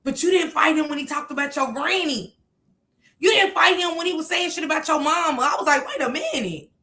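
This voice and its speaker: A woman streamer talks through the drama in a casual, animated way, her voice high and bright. She jumps from loud emphatic bursts to low muttered asides. The sound carries a noticeable room echo. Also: brisk. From Kentucky. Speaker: commentary streamer. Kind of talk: casual reaction commentary.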